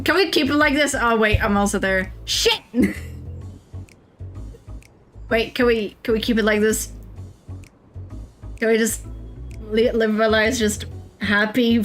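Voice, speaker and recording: Female game streamer, excitable, swears freely, laughs often, pitched a bit high, faint background music. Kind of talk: casual game stream commentary and reading game text aloud.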